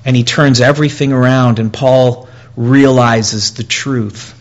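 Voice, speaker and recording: A man delivers a sermon at an unhurried pace, his voice sitting at an ordinary middle pitch. He talks earnestly, with pauses and repeated phrases. When he voices a plea, his voice climbs higher and gets louder. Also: fairly even intonation, highs cut off. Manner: earnest, with pauses and repetition, rising and louder in quoted pleas. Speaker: preacher.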